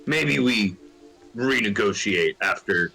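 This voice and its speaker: A man's voice: fairly low pitch, lively intonation, slow pace, sharp tone, faint music behind, heavily acted. A man voicing a brutish arena fighter who speaks in broken grammar and refers to himself by name. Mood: measured.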